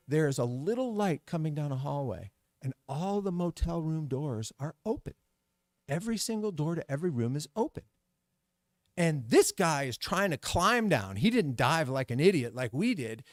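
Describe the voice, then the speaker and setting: A middle-aged man tells a story on stage, and his voice rises and falls widely as he acts out the voices and sound effects. His voice sits a little high for a man, and the sound is dry and close. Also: no room sound. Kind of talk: live storytelling performance.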